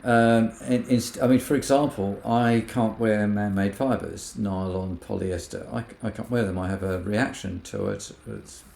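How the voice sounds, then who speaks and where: Gentle-voiced man in an echoey room. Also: fairly low pitch, steady tone, moderate pace, creaky, few pauses. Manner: gentle, acts out quoted remarks in other voices. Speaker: podcast co-host. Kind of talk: casual reflective chat.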